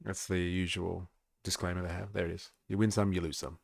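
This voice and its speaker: A man's voice: sits low, little pitch movement, a little fast, creaky. A man with an Australian accent hosting a livestream, reading out an explainer and rambling through casual commentary with lots of filler words. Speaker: livestream host. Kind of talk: casual commentary while reading and reacting to a video.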